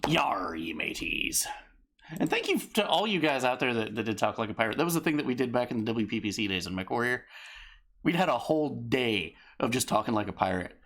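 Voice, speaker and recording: A man co-hosting a live stream, chatting casually, excitable and profane, laughing often. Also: mid-range voice, fast talker. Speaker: stream co-host.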